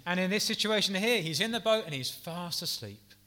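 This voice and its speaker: A man preaching a sermon in an earnest, gentle, pastoral way, with soft asides and the odd restart. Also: high-pitched, animated, fairly quick.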